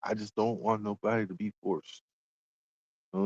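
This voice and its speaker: A man's voice: lowish voice, level tone, moderate pace, darkish tone, dry recording, highs cut off. A man giving reaction commentary, calling out a streamer.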